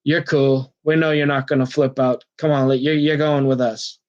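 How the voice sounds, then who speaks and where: A man putting on a laid-back young male celebrity prankster, easygoing and slangy, only a bit lower than his own voice. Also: level tone, moderate pace, muffled recording, close to an everyday voice. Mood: teasing.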